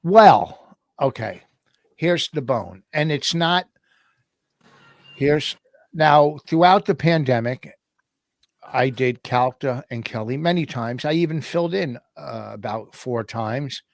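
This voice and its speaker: Male guest comic, joking yet earnest, mid-pitch, dry close recording. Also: animated, takes it slowly, gravelly, dry recording. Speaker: guest comedian. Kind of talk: casual podcast banter.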